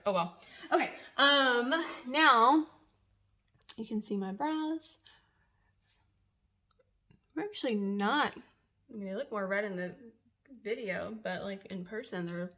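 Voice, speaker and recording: A woman's voice: medium pitch, bright, forceful tone. A young woman, a waxing professional, giving a casual tutorial in a chatty, nervous way, laughing often. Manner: drops to a whisper while waxing herself.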